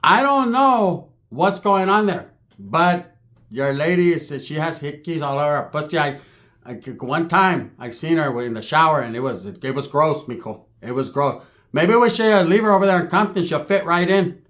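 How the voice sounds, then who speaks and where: A man's voice: on the high side, animated, moderate pace, fairly bright tone. A man voicing a foul-mouthed, scolding middle-aged aunt who rambles crudely.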